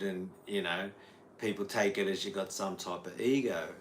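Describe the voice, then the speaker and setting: A middle-aged Australian man with a lowish voice chats loosely on a live stream. He rambles, drifts between thoughts and answers the viewers' chat as he goes. Faint noise sits under the recording. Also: fairly even intonation, moderate pace. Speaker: guitar teacher streaming live. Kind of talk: casual livestream chat.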